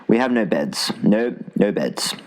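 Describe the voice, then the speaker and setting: A man voicing an elderly landlady at a country inn, speaking hoarsely and bluntly in a raised voice. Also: on the low side, lively intonation, measured pace.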